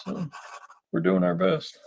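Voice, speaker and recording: A man streaming a live drawing session, slightly hoarse and talking casually, thinking aloud with lots of fillers and restarts. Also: sits high, flat delivery, a little slow, a little mellow, slight background noise, poor audio.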